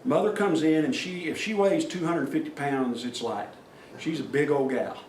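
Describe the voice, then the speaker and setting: In a meeting room, a middle-aged man tells plain-spoken, folksy stories to a workplace safety audience, acting out the voices he quotes. His voice sits on the high side with a darkish tone and a normal pace. The recording is echoey and distant, with faint noise.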